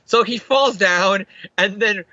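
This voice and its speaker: A man's voice: sits high, slow, bright, forceful tone, no echo. Rambling man recapping comics, lo-fi. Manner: rambling, laughs often, acts out characters with profanity. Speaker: podcast host. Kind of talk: casual comic book recap.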